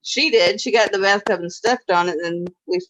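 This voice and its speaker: A woman's voice: medium pitch, fairly quick, fairly bright tone. A woman hosting a casual online chat, talking freely and swearing now and then. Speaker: stream host. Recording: muffled with faint noise.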